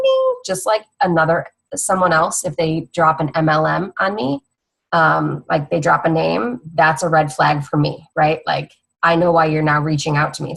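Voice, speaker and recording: A woman's voice: deep voice, creaky, breathy edge, low-quality recording. A young woman fitness coach giving a casual, rambling training talk to other coaches, teasing her co-host.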